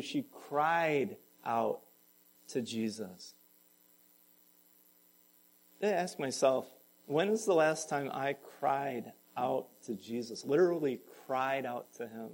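A male pastor preaching a sermon to his congregation, moving from calm explanation to raised, impassioned pleading. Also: mid-range voice, low-quality recording.

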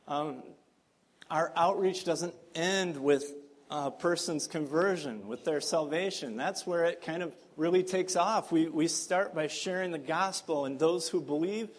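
A man's voice: on the high side, a little slow. A man preaching a sermon as pastor, earnest and emphatic, with frequent fillers.

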